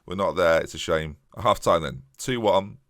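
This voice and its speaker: A man with a sore throat commentating on his football management game for viewers, excitable and full of restarts, on a desk microphone. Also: low voice, moderate pace, no echo, studio quality. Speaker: gaming YouTuber. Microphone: USB desktop microphone.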